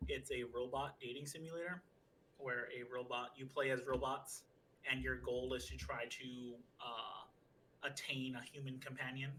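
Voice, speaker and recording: Man, podcast co-host, bright voice, casual and sweary, acts out quotes, faint background hiss. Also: medium pitch, level tone, normal speed, rough recording. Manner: laid-back, swears a lot, acts out quotes and laughs often.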